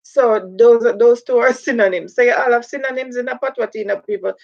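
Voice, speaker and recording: Jamaican lady hosting a live chat, reads the comments out loud, drops into patois, kinda muffled lo-fi sound. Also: on the high side, brisk. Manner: reads viewer comments aloud and slips into patois. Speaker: livestream host. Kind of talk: casual livestream chat. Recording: dull lo-fi livestream audio.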